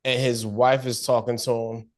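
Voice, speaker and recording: A man co-hosting a casual TV recap podcast, slangy and animated, acting out characters' lines as he talks. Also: mid-range voice, normal speed. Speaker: podcast co-host.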